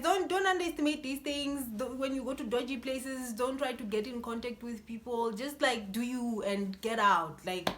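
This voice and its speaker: A young woman telling a storytime vlog in an animated, chatty way, full of "like" and "yo". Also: on the high side, slight background noise. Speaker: vlogger.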